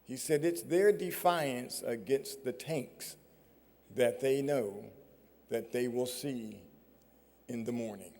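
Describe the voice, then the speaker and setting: A man giving a storytelling speech at an awards ceremony, measured and full of dramatic pauses, on a stage microphone. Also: medium pitch, gravelly, darkish tone. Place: large performing arts hall. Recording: long reverb of a large hall.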